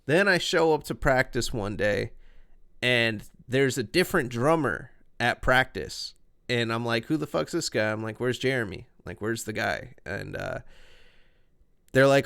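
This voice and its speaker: Brief: 20s male musician guest, smooth tone, mid pitch, profane animated storyteller. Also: measured pace. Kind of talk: casual storytelling.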